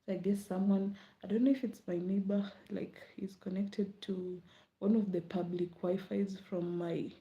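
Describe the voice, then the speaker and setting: A woman's voice: mid-range voice, flat delivery, moderate pace, lo-fi sound. Chatty Kenyan woman, late-night murmur. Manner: rambling, chatty, laughs often, drops to soft murmurs. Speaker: vlogger. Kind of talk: casual late-night chat.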